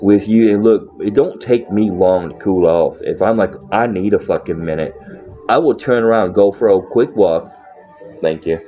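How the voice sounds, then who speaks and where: A very low-voiced man rambling casually and bluntly, swearing constantly and breaking into laughs. The sound is dull and lo-fi, like a cheap mic. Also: normal speed. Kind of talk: casual profane monologue.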